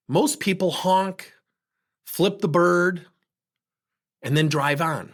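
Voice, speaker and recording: A man hosting a podcast, candidly telling personal stories as a coach in an animated way. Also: high voice, a little slow, pauses often. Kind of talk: personal storytelling monologue.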